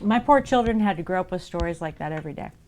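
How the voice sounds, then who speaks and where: A woman who makes soap, chatting casually on a livestream. She tells playful stories in an animated way, and her voice rises and falls a lot. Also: lowish voice, fast talker, a little hiss or hum. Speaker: soap maker streaming live.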